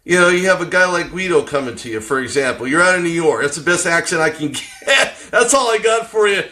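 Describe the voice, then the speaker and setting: A man's voice: a little high, expressive, brisk, bright, forceful tone. A man hosting a live-streamed interview show, asking long rambling questions with lots of energy. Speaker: host.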